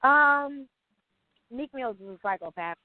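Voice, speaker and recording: A woman's voice: sits high, a little slow, no echo, phone-quality sound. A woman co-hosting a casual podcast, talking bluntly and telling stories full of slang. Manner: blunt, animated storytelling with slang. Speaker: podcast co-host.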